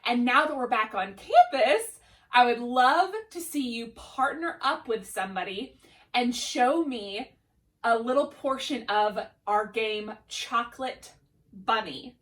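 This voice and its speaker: A woman's voice: fairly high pitch, lively intonation, slow pace. A young adult woman teaching a drama lesson to children, enthusiastic and encouraging. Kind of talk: upbeat classroom lesson.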